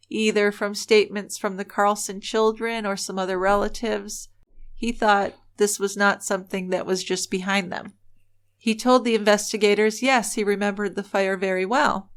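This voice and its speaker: A woman co-hosting a true-crime podcast, telling the case in an earnest, opinionated way. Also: medium pitch. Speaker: podcast co-host. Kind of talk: casual true-crime storytelling.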